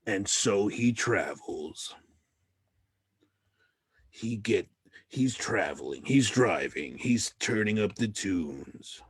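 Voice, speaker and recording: A man hosting a one-man podcast, narrating an improvised parody in a deadpan, mock-dramatic manner. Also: fairly low pitch, takes it slowly, pauses often, slightly rough, no room sound. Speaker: podcast host.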